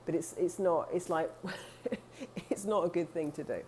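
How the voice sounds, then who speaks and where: Earnest chatty woman coach, mellow voice. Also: lowish voice, unhurried, slight background noise. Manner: earnest, chatty, with restarts and asides. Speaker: spiritual coach. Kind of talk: casual talk to camera.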